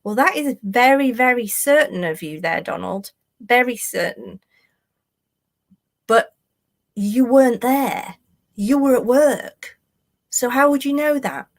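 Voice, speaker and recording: A woman's voice: a little high, animated, slow pace, long pauses. A woman hosting a true crime live stream, reading messages aloud with sarcastic, exasperated asides. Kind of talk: casual live stream commentary.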